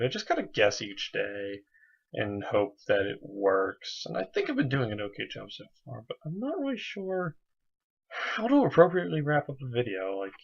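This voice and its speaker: A man's voice: medium pitch, vocal fry, breathy edge. A young man talking to camera in a casual video diary, earnest and rambling, with lots of fillers. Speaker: vlogger. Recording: slightly dull lo-fi sound.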